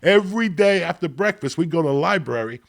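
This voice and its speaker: A middle-aged man from Cuba, a podcast guest telling stories in a profane, animated way and acting out what people said. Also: a little high, fast talker. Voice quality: gravelly, husky. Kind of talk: storytelling in casual chat.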